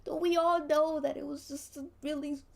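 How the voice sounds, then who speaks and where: A woman's voice: high-pitched, level tone, normal speed, gravelly, a little mellow, pitched above the performer's own voice. A woman voicing an upset clown who pleads tearfully and insists nothing sinister happened.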